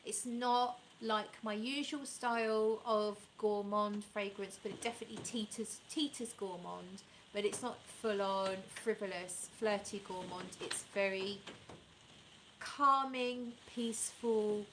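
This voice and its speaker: Reviewing perfumes in a casual chat, this woman reads live comments aloud, chatty and eager, often rambling and catching her own mistakes. She speaks unhurriedly in a steady, mid-range voice over background noise.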